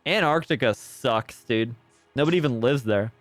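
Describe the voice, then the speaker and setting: A man's voice: medium pitch, normal speed, faint music behind. A man streaming a detective game, rambling and sarcastic in casual commentary at a desk microphone.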